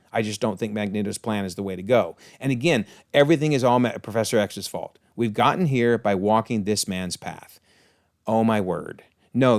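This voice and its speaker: Chatty low-voiced man reviewing an episode. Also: dry recording, studio quality. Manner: chatty and enthusiastic, frequent exclamations and chuckles. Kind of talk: casual episode breakdown commentary.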